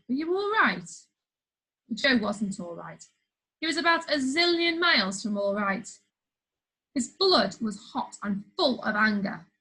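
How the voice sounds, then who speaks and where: Lively woman reading a children's story. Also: high voice, rough recording. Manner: lively, playful storytelling with asides. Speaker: storybook reader.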